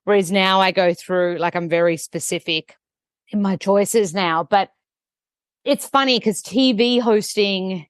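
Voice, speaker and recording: A woman's voice: medium pitch, unhurried, clean tone, no echo, clean studio sound. A woman with an Australian accent, a podcast guest talking in a chatty, casual way, full of "like". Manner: chatty, peppered with "like".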